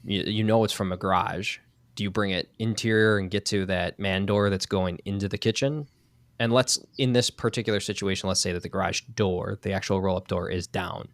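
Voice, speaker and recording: Man, low voice, dry close sound, firefighter co-host, probing questioner. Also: steady tone, a little fast, no echo. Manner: asks probing what-if questions. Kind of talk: casual shop talk about firefighting.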